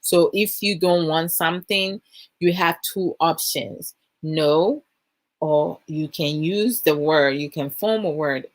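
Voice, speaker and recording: A Ghanaian woman with a lowish voice talks through a family story in a relaxed, rambling way, filling her sentences with "you know" and "I'm like". She jumps up in pitch when she acts out her own questions to her child. The sound is close and dry, with no room behind it. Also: dry recording. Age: adult mother of a young child. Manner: chatty, many fillers like "you know" and "I'm like". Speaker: host sharing parenting advice. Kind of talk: casual storytelling monologue.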